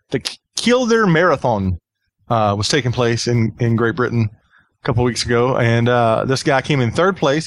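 A man's voice: medium pitch, no room sound. A man hosting a podcast in easy casual chat. He often repeats himself and laughs along as he talks. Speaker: podcast host.

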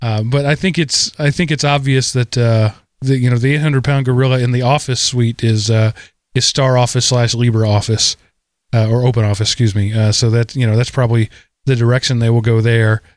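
A man chatting casually about tech, explaining points at a measured pace with some uh fillers. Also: medium pitch, steady tone, no room sound, studio quality. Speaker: podcast co-host.

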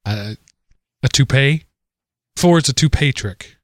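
A man's voice: medium pitch, expressive, unhurried, no echo, studio quality. A man hosting a casual podcast, rambling into self-deprecating jokes. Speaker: podcast host. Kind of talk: casual chat.

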